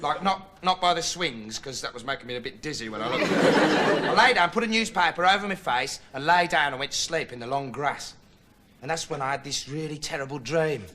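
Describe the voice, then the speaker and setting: A man telling a rambling deadpan comic monologue to camera as a hapless reporter. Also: brisk. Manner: rambling, flat, puts on high voices for quoted people. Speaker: comic reporter character host. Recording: studio audience laughter, noisy old tape. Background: audience laughing.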